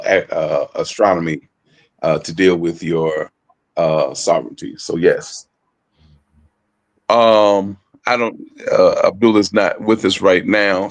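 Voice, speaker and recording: Low-voiced man, halting with many fillers. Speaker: co-presenter. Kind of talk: casual online discussion. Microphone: phone.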